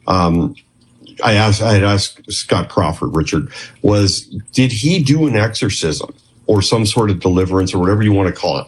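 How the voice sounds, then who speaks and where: A man's voice: on the low side, slightly rough. A middle-aged man, a former clinician, telling rambling stories in an interview and often acting out quotes. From Canada. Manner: rambling, chatty, with frequent restarts and acted quotes. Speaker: guest, former clinician who worked with police. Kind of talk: storytelling interview.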